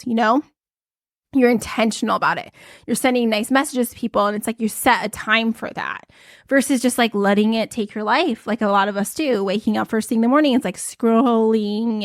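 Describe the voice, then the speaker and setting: A woman's voice: on the high side, no echo, clean studio sound. A young pregnant woman hosting a podcast, chatting casually and rambling as she gives lifestyle tips. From United States. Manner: chatty, rambling, many fillers. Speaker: podcast host.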